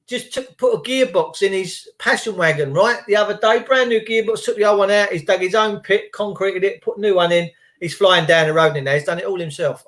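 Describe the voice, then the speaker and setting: A man ranting casually to his viewers, acting out little scenes in quick put-on voices, slangy and swearing. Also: high voice, fairly bright tone. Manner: slangy, swears, rhetorical questions. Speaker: video host.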